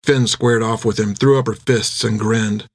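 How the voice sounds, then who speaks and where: A man narrating an adventure audiobook with steady storytelling. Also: lowish voice, moderate pace, dry recording, studio quality.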